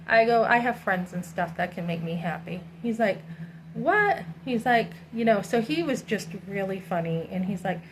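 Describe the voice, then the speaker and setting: Middle-aged woman vlogger, candid rant, animated storyteller, faint room noise. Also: mid-range voice, moderate pace, hardly any pauses, low-quality recording. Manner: animated storytelling, acting out others' lines. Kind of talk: candid personal vlog rant.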